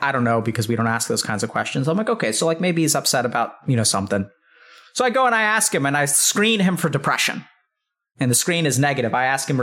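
A man in his thirties talks casually and tells a hospital story, his voice sitting at an ordinary middle pitch. He rambles, fills every pause with "like" and swears without holding back. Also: a bit bright. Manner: rambling, heavy use of "like", swears freely. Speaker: psychiatrist, podcast guest.

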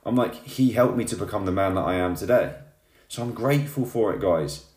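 A motivational vlogger delivers a fired-up monologue to camera, tagging his lines with "yeah?" and "right?". His fairly low, darkish voice has lively intonation and runs a little fast, and the room is echoey.

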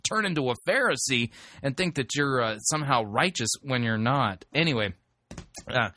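Male radio host, bright forceful voice, dry close mic, conversational and emphatic with restarts. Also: mid-range voice, no room sound. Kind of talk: talk radio commentary.

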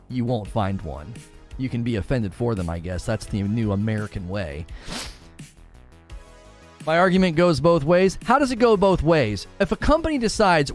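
Animated ranting male streamer. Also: mid-range voice. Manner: animated, argumentative, repeats and restarts words. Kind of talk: casual opinion rant.

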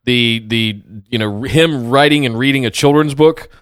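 Laid-back man with a smooth voice. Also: mid-range voice, moderate pace, fairly bright tone, no room sound, clean studio sound. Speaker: podcast co-host. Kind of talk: casual chat.

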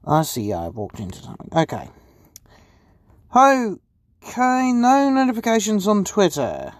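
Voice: mid-range voice, wildly swooping pitch, a little slow, no room sound. Profane, self-mocking podcast host. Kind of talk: casual live chat, taking requests.

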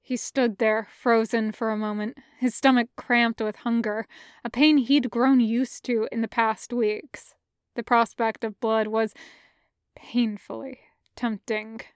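A woman narrating a fan fiction audiobook with a measured, careful reading. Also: fairly high pitch, fairly even intonation, smooth, no echo, studio quality. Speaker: podfic reader.

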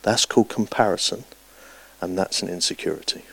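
A man preaching a sermon, telling stories with lively swings between loud and hushed delivery. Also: low-pitched, brisk, vocal fry, husky.

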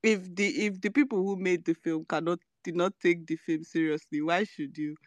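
A woman's voice: on the low side, fairly even intonation, normal speed, dry recording. A woman on a film podcast panel making emphatic, punchy points and laughing. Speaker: panel guest. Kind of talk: casual panel chat.

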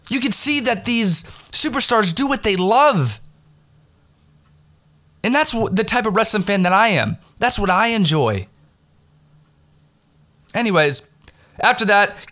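Excited rambling man with a bright voice. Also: high voice. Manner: excited, rambling, swears freely. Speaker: wrestling fan recapping a pay-per-view. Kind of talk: casual recap commentary. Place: home recording in the Pittsburgh area. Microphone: headset mic with headphones.

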